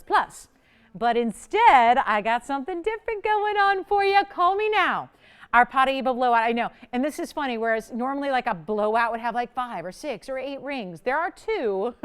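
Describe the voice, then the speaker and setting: A woman hosting a live home-shopping show, chatty and excitable, pushing urgency as she sells. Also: a little high, clean tone. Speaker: shopping channel host. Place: TV studio.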